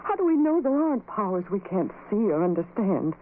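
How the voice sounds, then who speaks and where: An actress playing an educated young woman gripped by dread in a 1940s radio drama, hushed and intense, breaking into sobs. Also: medium pitch, very animated, fairly quick, natural voice. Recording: tinny lo-fi old radio recording with hiss.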